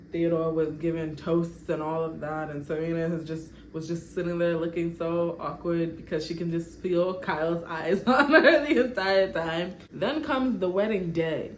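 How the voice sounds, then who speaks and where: A woman in a chatty, animated storytime, narrating her life-sim game and often laughing. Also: fairly low pitch. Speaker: vlogger. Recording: echoey room, faint background noise.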